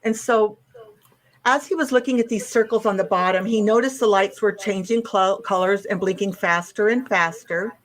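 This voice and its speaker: A woman's voice: mid-range voice, normal speed. A woman presenting a witness case as an investigator, going step by step with frequent ums and restarts.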